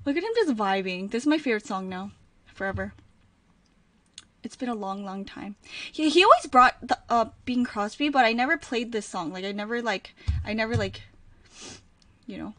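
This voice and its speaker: High-pitched young woman gushing over a video, kinda off-mic, music playing. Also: expressive, a little fast, a bit bright, no echo, recorded from a distance. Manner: gushing, emotional, swings to near tears and whispers. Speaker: streamer reacting to a video. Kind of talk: excited reaction commentary.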